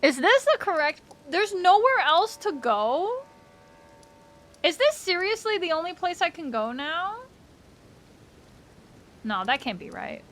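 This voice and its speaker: A woman's voice: extremely high pitch, big pitch swings, slow pace, long pauses, fairly bright tone. A woman streaming a game live, chatting casually with her viewers, swearing freely and laughing often. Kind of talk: casual live-stream chat while gaming.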